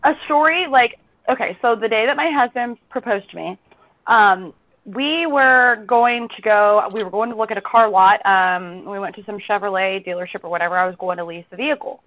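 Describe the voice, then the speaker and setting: A woman's voice: mid-range voice, normal speed. Woman host on a tinny phone line. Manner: animated storytelling, voice shooting up when she quotes herself. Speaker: podcast host. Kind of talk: casual chat.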